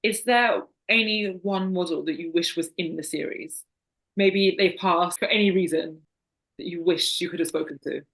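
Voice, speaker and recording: A woman's voice: on the low side, normal speed, a bit bright, poor audio. A woman hosting a podcast, asking short questions and offering brief, encouraging interjections to her guest. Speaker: podcast host. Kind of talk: casual interview chat.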